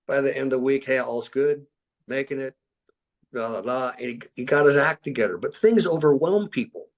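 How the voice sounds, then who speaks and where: A man's voice: mid-range voice, normal speed. A middle-aged man candidly sharing life stories in an earnest, frank way, filled with "you know" and acted-out quotes. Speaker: speaker sharing life lessons. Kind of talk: candid personal storytelling.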